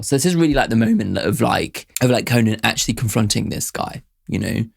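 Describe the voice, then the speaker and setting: A man's voice: on the low side, lively intonation, fairly quick, gravelly, few pauses. A young man hosting a casual song reaction, chatty and self-deprecating, often breaking into laughter as he picks apart the music.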